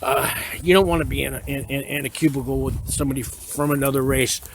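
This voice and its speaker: Gravelly man telling a frank, rambling story. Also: mid-range voice, steady tone, fast, a little hiss or hum. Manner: frank, rambling, with many fillers and restarts. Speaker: former inmate giving prison advice. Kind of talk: casual storytelling to camera.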